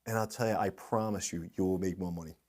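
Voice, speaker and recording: Animated middle-aged man telling stories. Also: low-pitched, fast talker. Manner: animated anecdotes, acts out quoted voices. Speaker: guest speaker, industry consultant. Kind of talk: storytelling in a podcast interview.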